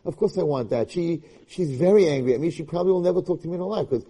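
A man's voice: fairly high pitch, very fast, mellow, slightly rough. A male rabbi giving an impassioned Torah lecture, emphatic and full of repeats and restarts.

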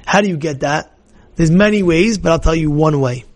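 A man teaching a Torah class as a rabbi, animated and emphatic, repeating phrases to drive points home. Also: a little high, moderate pace. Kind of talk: lively sermon-style Torah lesson.

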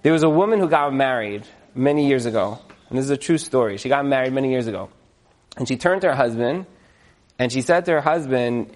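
A man speaking to an audience, telling a story in a chatty, animated way with lots of fillers and repeated words. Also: medium pitch, brisk. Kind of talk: lively storytelling talk.

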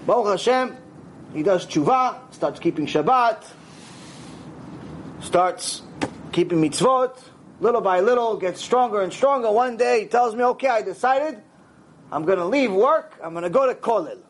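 High-voiced rabbi, animated storyteller. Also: male voice, normal speed, pauses often, a little hiss or hum. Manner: animated storytelling, acts out dialogue, sprinkles Hebrew words. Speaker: rabbi teaching a Torah class. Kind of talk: lively Torah lecture.

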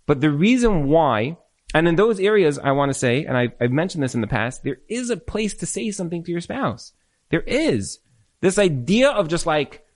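A man answering marriage questions in a live Q&A, animated, full of restarts, acting out spouses' complaints. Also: on the high side. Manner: animated, repetitive restarts, acts out quoted spouses. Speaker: relationship speaker. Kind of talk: Q&A talk to a live group.

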